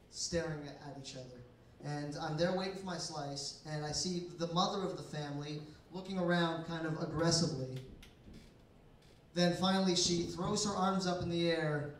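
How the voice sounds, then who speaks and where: A young man delivers a stand-up set in a dry, deadpan, sarcastic way, his voice sitting fairly high. He is heard from across an echoey bar basement. Faint room noise sits underneath. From Canada. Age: 20s. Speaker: stand-up comedian. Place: bar basement comedy night. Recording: echoey room, mic from far off.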